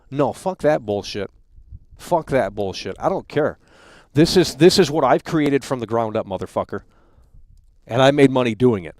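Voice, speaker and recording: A man's voice: medium pitch, lively intonation, moderate pace, darkish tone, dry recording. Angry, profane male livestream host. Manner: heated, profane, repeats and stumbles over words. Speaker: live stream host.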